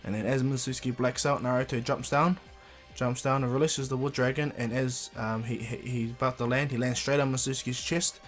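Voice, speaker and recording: A man's voice: medium pitch, steady tone, a little fast, few pauses, faint music behind. A man casually retelling a fan story, rambling with frequent fillers and restarts.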